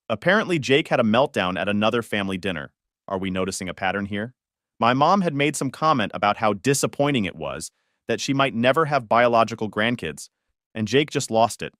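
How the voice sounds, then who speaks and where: Male narrator, mid-pitched, animated delivery, wry and sarcastic, dry booth sound. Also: no echo. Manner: conversational with wry, sarcastic asides. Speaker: story narrator. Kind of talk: scripted first-person story narration.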